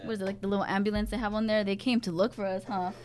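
A young woman chatting casually, telling stories with lots of swearing and loud acted-out quotes. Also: mid-range voice, racing. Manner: animated, profane storytelling with loud acted quotes. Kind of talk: casual chat.

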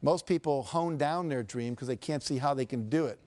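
A man's voice: medium pitch, normal speed, darkish tone. A man from the United States speaks as a motivational speaker at a live seminar. He tells stories and acts out quotes. He also puts questions straight to the audience.

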